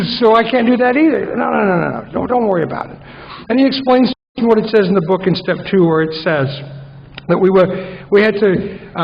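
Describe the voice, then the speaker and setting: A man's voice: high-pitched, creaky. A man speaking at a recovery conference, rambling and self-mocking, with comic asides to the audience. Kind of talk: conference talk. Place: large conference hall with an audience. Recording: dull recording in a reverberant hall.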